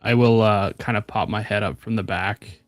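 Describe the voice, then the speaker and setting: A man voicing a timid, quiet young human, hesitant and full of ums. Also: lowish voice, fairly even intonation, normal speed, no echo, studio quality, soft background music, close to an everyday voice. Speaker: player.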